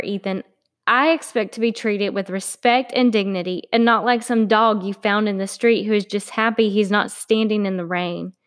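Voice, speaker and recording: A woman voicing a young florist heroine who speaks with bright eagerness, in a storybook podcast reading. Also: medium pitch, lightly acted. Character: young woman florist, eager and hopeful, fed up with a bad boyfriend.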